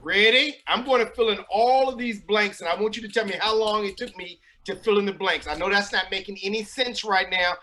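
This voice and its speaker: A man on a video call, talking like a showman and giving slow, step-by-step instructions for a trick. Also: high-pitched, sharp tone. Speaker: family member. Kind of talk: casual family chat.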